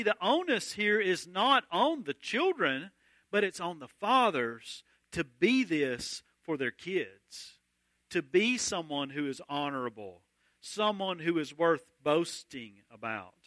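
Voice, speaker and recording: A man's voice: high voice, pushed and bright, no echo. A man preaching a sermon to fathers, reciting a country song's lyrics in his talk. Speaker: pastor.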